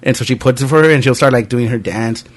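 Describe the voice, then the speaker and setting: A young male podcast host chatting casually, spinning animated stories laced with swearing. His voice rests at a middle pitch, and he talks loosely and off the cuff. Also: fast talker. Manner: animated anecdotes, frequent profanity. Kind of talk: casual storytelling chat.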